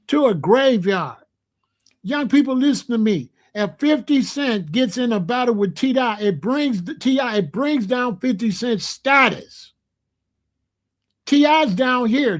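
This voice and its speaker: Man, fairly high voice, opinionated vlog commentary, preachy, repeats himself. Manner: emphatic, repetitive, slangy, preachy. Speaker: rap commentator.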